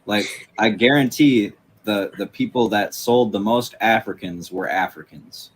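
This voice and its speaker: A man's voice: fairly low pitch, measured pace, slightly rough. A man in a casual podcast chat who talks bluntly, swears offhandedly and laughs easily.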